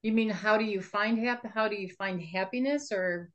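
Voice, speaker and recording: A middle-aged woman speaking as an interview guest, soft-spoken and hesitant, pausing to think. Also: mid-range voice. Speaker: guest, bereaved mother. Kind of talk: casual interview.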